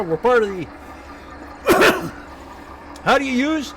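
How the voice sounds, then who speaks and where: A man with an Ottawa Valley accent talks through a live game stream, rambling and thinking aloud. His voice sits high and swoops up and down constantly. He is easygoing and chatty throughout. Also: very animated, takes it slowly, noisy background. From Ottawa, Canada. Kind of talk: live gameplay commentary.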